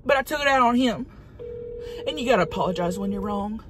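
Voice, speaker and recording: A woman's voice: on the high side, expressive, quick pace, slight background noise, lightly acted. A woman playing a brash, hot-tempered woman, who rambles profanely and dramatically in a comedic monologue from a parked car. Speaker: vlogger.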